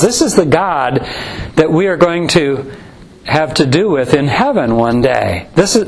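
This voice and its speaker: A man preaching a measured expository sermon, slowing down to intone scripture verses. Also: fairly high pitch, rough recording.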